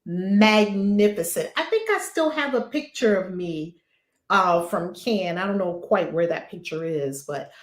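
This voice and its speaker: A woman's voice: medium pitch, animated, unhurried. A woman hosting a casual chat, enthusiastic and full of exclamations. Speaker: host. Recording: roomy echo.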